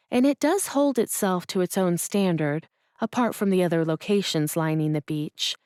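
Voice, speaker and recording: A woman's voice: medium pitch, darkish tone, dry recording, studio quality, natural voice. A woman narrator voicing an earnest young businesswoman, speaking formally and eagerly with a touch of nerves. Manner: eager, formal, a little nervous.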